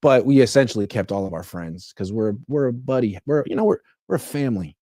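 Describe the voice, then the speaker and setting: A man's voice: fairly low pitch, lively intonation, quick pace, dark tone, no echo, clean studio sound. A man hosting a casual sports talk show, speaking wryly with sarcastic asides. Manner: sarcastic, mock-quoting, wry. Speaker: host.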